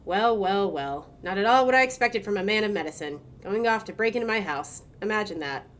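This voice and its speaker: A woman's voice: medium pitch, expressive, brisk, a bit bright, a little hiss or hum, natural voice. A woman voicing a wary male patient in a game, reading his lines in a defensive, indignant way. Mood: mocking. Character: wary middle-aged male patient under suspicion.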